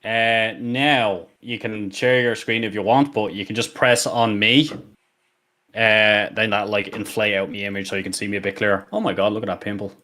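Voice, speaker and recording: A man's voice: lowish voice, steady tone, normal speed, pushed and bright. A man chatting casually over a voice call as a co-streamer, laid-back and rambling, swearing now and then. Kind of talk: casual chat.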